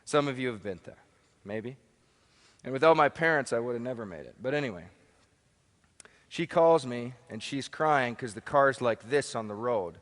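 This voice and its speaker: A man's voice: mid-range voice, animated, moderate pace, long pauses, a bit bright. Emphatic guy speaking on stage, keeps asking the crowd stuff, big echoey hall sound. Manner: emphatic, repeats key phrases, asks the audience questions. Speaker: motivational speaker. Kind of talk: live seminar talk to an audience. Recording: long hall reverb.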